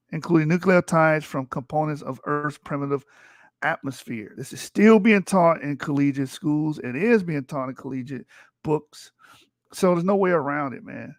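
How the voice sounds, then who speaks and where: A man's voice: fairly high pitch, a bit bright, no echo, studio quality. A man hosting a livestream, reading textbook passages aloud and arguing back at them in a combative, profane way. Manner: combative and profane, with rising intensity. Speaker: livestream host. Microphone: streaming mic.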